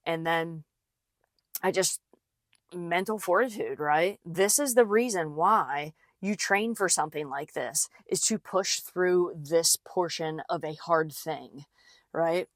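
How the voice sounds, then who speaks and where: Low-voiced woman chatting on a podcast. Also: slow, no room sound, studio quality. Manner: chatty, many fillers and restarts. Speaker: podcast host, physical therapist. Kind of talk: casual solo podcast monologue.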